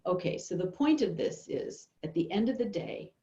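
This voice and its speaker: Older-ish woman, workshop speaker, slow and thoughtful, lots of ums, lowish voice, roomy echo. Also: expressive, warm tone. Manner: unhurried, thoughtful, with many pauses and fillers. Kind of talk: storytelling talk. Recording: dull, echoey room recording.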